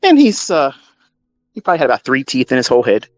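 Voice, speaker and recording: A man telling a story in a profane, animated, mocking way, as a trading mentor talking to his audience. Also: medium pitch, fast talker. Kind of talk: casual storytelling monologue.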